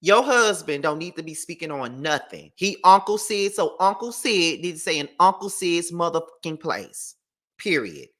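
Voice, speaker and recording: A woman's voice: fairly low pitch, animated, moderate pace, a bit bright. A woman giving blunt, profane gossip commentary and reading text messages aloud. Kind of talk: opinionated commentary.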